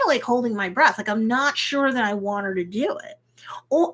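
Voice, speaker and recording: Lady lawyer doing a live reaction stream, kinda high voice, rambly and chatty. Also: fairly bright tone. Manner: chatty recaps with many fillers; briefly acts out quotes. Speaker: attorney hosting a reaction show.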